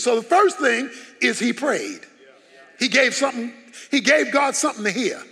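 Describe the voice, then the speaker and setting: A man's voice: very high voice, animated, normal speed, bright, forceful tone, husky. A man preaching a sermon as pastor, emphatic and full of rhetorical questions. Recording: long hall reverb.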